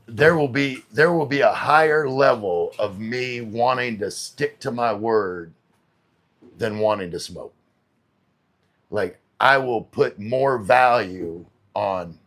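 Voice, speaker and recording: A man's voice: medium pitch, creaky, fairly bright tone. A middle-aged man chatting casually on a live stream, reading viewers' messages aloud and answering them. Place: home in the Philippines.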